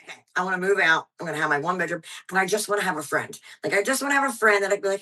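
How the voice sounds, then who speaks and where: A woman comedian in her thirties, telling blunt, profane stories in a high-energy way during a casual podcast chat. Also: racing, hardly any pauses, sharp tone, low-quality recording. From Pennsylvania, US. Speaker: stand-up comedian guest.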